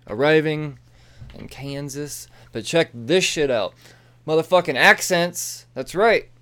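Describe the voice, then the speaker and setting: A man giving a casual, rambling comic book review, excitable and full of swearing and asides. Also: mid-range voice, clear, resonant tone.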